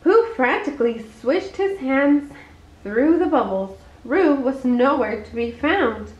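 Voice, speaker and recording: A woman reading a bedtime story aloud in an expressive, unhurried way. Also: high voice. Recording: echoey muffled room.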